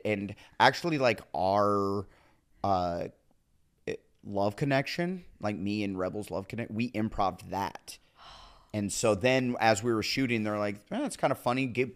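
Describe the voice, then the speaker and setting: A man's voice: on the low side, a little slow. A man in his forties, a comic actor as a guest, chatting and telling stories with acted-out quotes and frequent laughs. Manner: animated, acts out voices in quotes, laughs often. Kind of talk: casual storytelling chat.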